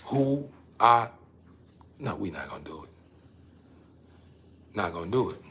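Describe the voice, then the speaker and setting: A man hosting his own show, delivering a casual, emphatic monologue to the camera that he keeps repeating himself through, swinging between loud and quiet. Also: deep voice, animated, unhurried, slight background noise.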